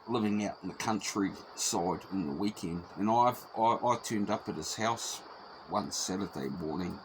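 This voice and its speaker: A man's voice: sits low, background noise. A middle-aged man with a New Zealand accent telling a personal story casually, swearing freely and repeating himself as he goes.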